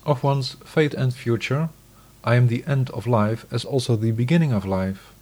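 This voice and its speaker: A man giving a scripted scripture reading in a measured, solemn, declamatory way. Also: medium pitch, a little mellow.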